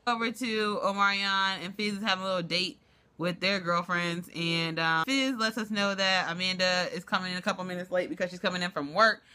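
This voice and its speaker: A woman giving a sarcastic, gossipy recap of a reality show, full of quick asides and exaggerated reactions. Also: sharp tone, clean tone. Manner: sassy, sarcastic, rapid asides with big pitch jumps. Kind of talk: casual commentary vlog.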